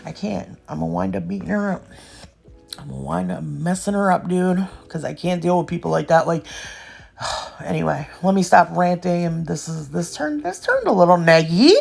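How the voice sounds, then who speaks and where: A woman's voice: fairly low pitch, fairly even intonation, normal speed, gravelly, a little mellow. A young woman talking casually over her nail art video, rambling and ranting as she tells a story to her viewers. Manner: rambling, ranting storyteller who says "y'all" and "yo". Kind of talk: casual chatty voiceover.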